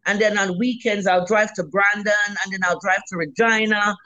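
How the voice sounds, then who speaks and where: A middle-aged Jamaican woman, a food vendor, chatting in an interview as a lively storyteller who swears freely. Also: mid-range voice, normal speed, no echo, low-quality recording. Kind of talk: casual interview chat.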